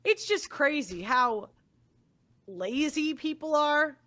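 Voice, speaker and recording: Young woman commentator, high bright voice, blunt and profane, angry monologue. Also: lively intonation, slow.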